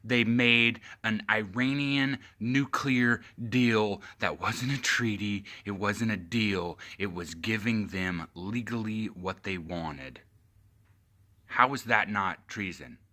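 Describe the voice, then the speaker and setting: Man, vlogger, angry political rant, profane, sarcastic, bright forceful voice, phone camera. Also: on the low side, slow. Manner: heated, profane, sarcastic, rising to shouting.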